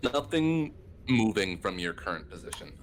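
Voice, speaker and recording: A low-pitched man narrates as dungeon master, setting each scene in an easygoing, descriptive way. A faint hiss sits under his voice. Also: sing-song, normal speed. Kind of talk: narrating a tabletop game.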